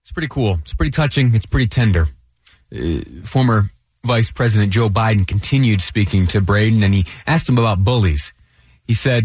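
A man hosting a radio talk show, speaking in a halting way with restarts and slight stammers. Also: lowish voice, husky, dry recording.

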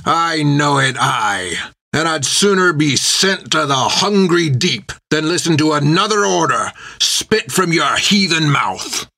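A man voicing a defiant, rough mutineer sailor who talks in a growl. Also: on the high side, expressive, takes it slowly, pushed and bright, pitched above the performer's own voice, exaggerated voice.

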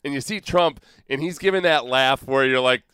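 Smooth-voiced former football player co-host. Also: male voice, mid-range voice, moderate pace, sharp tone, no room sound, clean studio sound. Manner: storytelling, laughs often. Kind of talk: casual sports talk.

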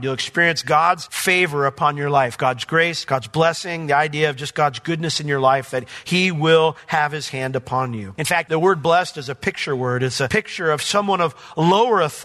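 A man delivers a sermon from a church, his fairly high voice bright and forceful. He climbs into emphatic bursts and then drops to soft, low asides. A long hall reverb trails each phrase. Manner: animated preaching, rising emphatic then dropping soft. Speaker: pastor. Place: church sanctuary.

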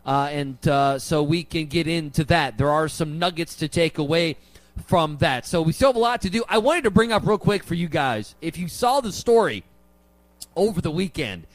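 A man's voice: fairly high pitch, animated, normal speed, no room sound. A man hosting a sports radio show from the studio, chatting loosely and laughing easily. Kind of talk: casual sports radio talk.

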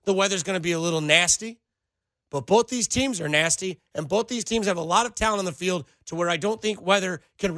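A man's voice: high-pitched, pushed and bright, no room sound. A male sports radio host talking with a sarcastic, riled-up edge.

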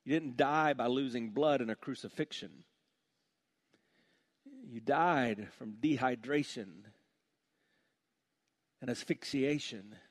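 A man preaching a sermon with passion, dropping to a hushed voice on heavy points. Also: mid-range voice, slow pace, pauses often. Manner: impassioned, drops to a hush on heavy points. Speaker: pastor.

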